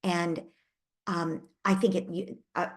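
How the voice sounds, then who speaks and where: A woman with a slightly low voice answers a parent's question on a live parenting Q&A. She speaks in an empathetic, reassuring coaching tone. She thinks aloud and restarts phrases now and then. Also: level tone, slow pace. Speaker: parenting advice host.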